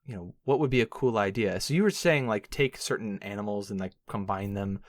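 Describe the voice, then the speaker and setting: A man's voice: on the low side, fairly quick, no echo, studio quality. A man hosting a podcast, chatting casually with lots of hesitations and fillers. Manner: animated, hesitant with many fillers. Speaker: podcast host. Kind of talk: casual chat.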